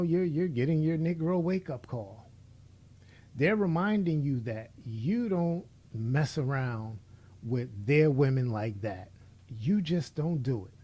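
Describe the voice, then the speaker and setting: A man's voice: a little high, a little mellow. A middle-aged man delivering a blunt, preachy opinion monologue, speaking straight to the person he is criticizing. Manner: blunt and preachy, addressing his subject directly. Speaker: commentator.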